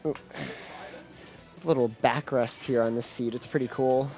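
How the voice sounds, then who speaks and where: A man doing live play-by-play commentary at a gaming event, excitable and full of fillers and restarts. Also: medium pitch, moderate pace, soft background music. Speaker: esports commentator.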